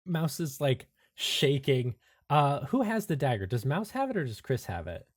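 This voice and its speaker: A man narrating as game master of a tabletop role-playing game, describing scenes in a relaxed way with fillers. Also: medium pitch, moderate pace.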